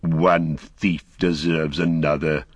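A man voicing a bitter, fallen old wizard who talks slowly and mockingly, in an audiobook reading. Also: extremely low pitch, level tone, no room sound, full character voice. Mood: scornful. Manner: slow, sneering, mocking.

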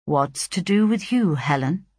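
A woman reading a storybook, voicing a defiant, insolent young gentleman husband with a gruff, scornful manner. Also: low-pitched, animated, unhurried, dry recording, studio quality, full character voice.

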